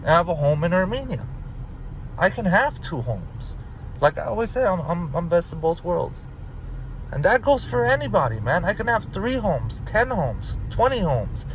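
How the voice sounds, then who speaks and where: A man's voice: high voice, sing-song, normal speed, a little hiss or hum, low-quality recording. A man in his thirties from Los Angeles, ranting casually and profanely to camera, rambling and repeating himself for emphasis. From Los Angeles, United States. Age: 30s. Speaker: vlogger.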